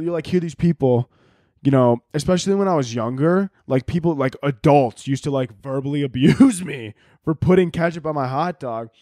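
A man from the Chicago area talks through a solo podcast in a loose, rambling monologue. He swears freely and fills his sentences with "like" and "you know." His voice sits fairly high and sounds dry and close to the mic. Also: warm tone, no echo. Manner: profane, rambling, filler-heavy. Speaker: podcast host.

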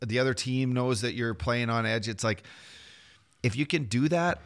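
A man's voice: medium pitch, normal speed. A man co-hosting a casual hockey podcast, chatty and full of fillers like "you know" and "like". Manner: chatty storyteller, lots of fillers. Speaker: podcast co-host. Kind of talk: casual sports chat.

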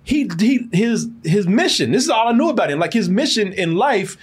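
A man's voice: high-pitched, moderate pace, husky. A man co-hosting a casual movie review podcast, talking loosely, laughing often and putting on voices for the characters. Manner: animated, laughs a lot, does mocking voices of characters. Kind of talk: casual profane chat.

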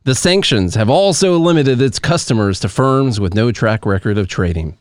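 Podcast co-host, male, smooth and resonant, dry close sound, casual commentary over articles and charts. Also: mid-range voice, animated, normal speed, no echo. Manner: reads articles aloud and explains charts with asides.

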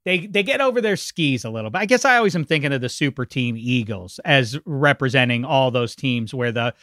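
A man's voice: mid-range voice, animated, brisk, fairly bright tone, no room sound, studio quality. A man hosting a casual sports talk show, wry and rambling as he muses. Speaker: podcast host.

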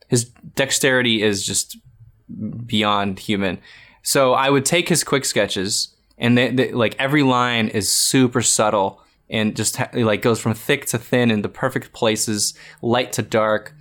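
A man's voice: mid-range voice, measured pace, a bit bright. Rambling man in his thirties. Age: 30s. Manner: rambling, frequent restarts and fillers. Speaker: art podcast co-host. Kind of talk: casual chat giving drawing advice.

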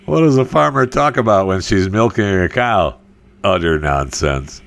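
A man telling a string of corny cow jokes in a slow delivery and laughing at his own punchlines. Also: deep voice, lively intonation, creaky, a bit bright. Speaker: joke teller.

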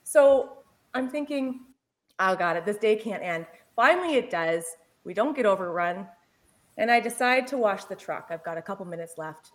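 A woman in her forties, a paramedic, telling a work story in casual chat, lively and often laughing. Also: mid-range voice, normal speed.

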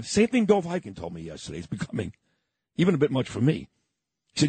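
A man's voice: medium pitch, wildly swooping pitch, fast talker, long pauses, dark tone, husky, dry recording. An older man from New York hosting a morning radio show, telling a story in an emphatic, boastful way.

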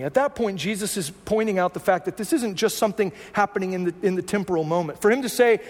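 A man with a very high voice preaching a sermon in a church sanctuary. He talks conversationally and keeps putting rhetorical questions to the congregation. A long reverb trails after every phrase. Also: animated, a little fast. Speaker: pastor.

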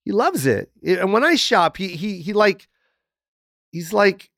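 A middle-aged man, a comedian guest in a casual interview, telling stories in an animated, profane, rambling way. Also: sits high, a little slow, creaky, dry recording, clean studio sound.

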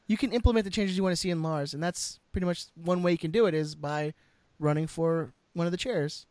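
A man's voice: fairly high pitch, brisk, a little mellow, no room sound. A man co-hosting a casual podcast chat, rambling with repeated words and fillers.

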